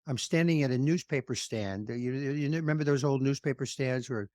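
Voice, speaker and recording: Animated man co-hosting a podcast. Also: mid-range voice, brisk, no room sound, clean studio sound. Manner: animated storyteller, laughs at himself. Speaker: podcast co-host. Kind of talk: casual interview chat.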